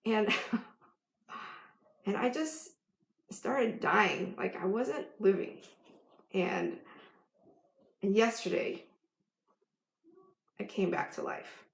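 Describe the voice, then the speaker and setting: A woman's voice: mid-range voice, expressive, extremely slow, creaky, long pauses. A woman life coach giving an emphatic motivational vlog talk, laughing often. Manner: bursts into loud yelled affirmations. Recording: echoey room.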